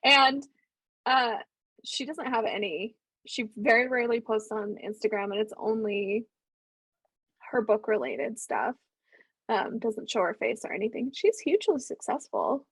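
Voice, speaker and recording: A woman's voice: on the high side, animated, measured pace, a bit bright, slightly rough, no room sound. A woman podcast co-host and author, chatting casually and candidly, often laughing at herself. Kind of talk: casual chat.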